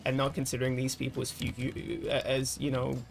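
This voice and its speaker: A man's voice: medium pitch, completely flat delivery, a little fast, vocal fry, soft background music. A man streaming while gaming, thinking aloud in loose, rambling casual chat with frequent swearing. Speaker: livestreamer.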